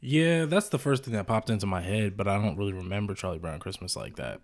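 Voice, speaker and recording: A man's voice: on the low side, expressive, quick pace. A man co-hosting a podcast in casual chat, mostly answering with short, dry reactions and a few laughs. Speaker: podcast co-host.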